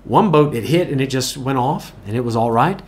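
A man's voice: medium pitch, animated, brisk. A man preaching a sermon, telling a story earnestly and repeating key phrases for emphasis. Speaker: pastor.

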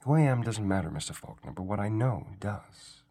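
A man voicing a mysterious woman on a headset who speaks softly, with authority but helpfully, in a storybook reading. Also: lowish voice, lively intonation, normal speed, husky. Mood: cryptic.

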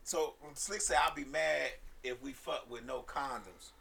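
Guy gossiping on a podcast, gravelly bright voice, laughs a lot. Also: medium pitch, a little slow. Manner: gossipy, laughs often, reads comments aloud. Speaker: podcast co-host. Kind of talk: casual chat.

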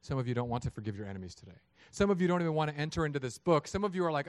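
A man in his thirties preaching a sermon, lively and acting out voices of God and people in his story. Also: a little high, rapid-fire, few pauses, dry recording. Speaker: pastor.

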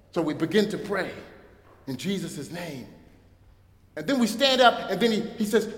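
A man preaching in a church, his voice pitched high. He tells a story and builds toward a rising cadence, and the sound carries a long echo through the hall. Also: animated, moderate pace, a bit bright. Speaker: pastor. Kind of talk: sermon. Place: church sanctuary.

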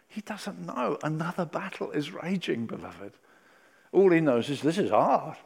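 A man preaching a sermon, acting out Bible scenes and swinging between loud and hushed delivery. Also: a little high, sing-song, measured pace, gravelly, husky.

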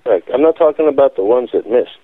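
A man's voice: mid-range voice, animated, fast talker, dry recording. A man giving a phone-in radio interview, telling his account in an emphatic, insistent way. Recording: tinny phone line, dry.

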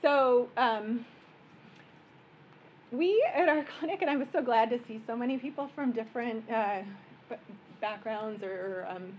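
A woman, a physician giving a relaxed, joking medical workshop lecture in a conference room. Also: on the high side, unhurried, long pauses, muffled recording, a little hiss or hum. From American Midwest. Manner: conversational and joking, explaining plainly.

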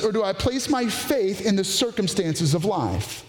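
A man preaching a sermon with passion, racing through some phrases and slowing down hard on others for emphasis. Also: high-pitched, big pitch swings. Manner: passionate preaching, shifting between rapid bursts and slow emphatic phrases. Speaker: pastor. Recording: echoey hall.

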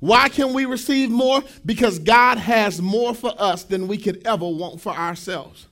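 A man in his thirties preaching a sermon as pastor, with a sing-song cadence that rises to shouts. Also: high voice, a little slow.

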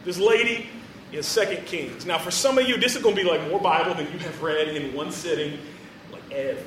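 A man gives a casual, joking sermon, chuckling between phrases in a fairly high voice. He sounds distant from the mic. The very echoey hall carries his voice, with faint room noise behind him. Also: brisk, fairly bright tone. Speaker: preacher.

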